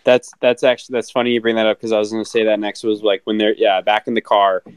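A man's voice: on the low side, flat delivery, fast talker, clean tone, no room sound. A man co-hosting a podcast who chats casually about a film, stammering, repeating words and swearing freely. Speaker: podcast co-host. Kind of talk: casual film review chat.

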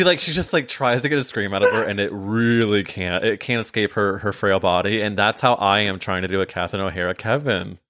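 A man hosting a podcast, chatting casually in a playful, animated way and laughing often. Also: fairly low pitch, fairly quick, hardly any pauses, no echo, clean studio sound. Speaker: podcast host. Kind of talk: casual chat.

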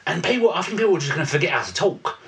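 A man's voice: fairly high pitch, big pitch swings, rapid-fire, gravelly, a bit bright, distant mic. A man co-hosting a podcast, telling stories in casual, sweary banter and laughing often. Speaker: podcast co-host.

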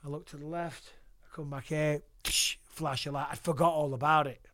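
A man's voice: a little high, moderate pace, no room sound. A man, a podcast guest telling stories casually and swearing freely. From England. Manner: profane, lively anecdotal storyteller. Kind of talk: casual storytelling interview.

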